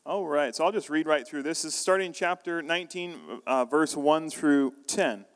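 A man's voice: on the high side, moderate pace. A man preaching a sermon as pastor, telling a story in a conversational way with frequent restarts. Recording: long reverb of a large hall.

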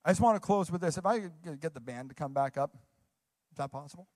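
A man's voice: a little high, lively intonation, fast, a little mellow. A young man preaching a sermon as a youth pastor, earnest and enthusiastic, repeating phrases for emphasis.

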